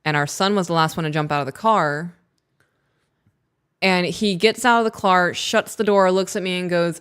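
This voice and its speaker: A woman co-hosting a podcast, chatting casually and telling family stories in an animated way. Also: lowish voice, normal speed, clean tone. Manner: chatty storyteller, animated retelling. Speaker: podcast co-host. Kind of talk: casual chat.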